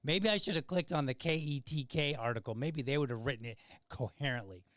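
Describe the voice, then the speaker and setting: A man's voice: medium pitch, brisk, a bit bright, no echo, studio quality. A man hosting a casual commentary podcast, talking in a sarcastic, wry way with chatty asides to his listeners. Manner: talkative, conversational asides. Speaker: podcast host.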